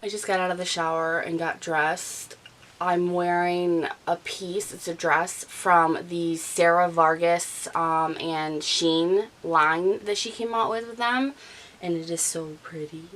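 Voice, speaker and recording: A beauty vlogger in her thirties chats and rambles through her makeup routine as she applies it, her voice nasal and stuffy from allergies. She speaks slowly in a fairly low, slightly bright voice with fairly even intonation. The recording quality is low.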